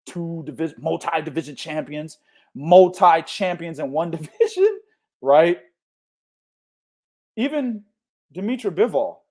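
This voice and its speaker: A man hosting a boxing podcast in a loud, profane rant. He shouts his points and swears freely, with no letting up. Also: fairly high pitch. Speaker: podcast host.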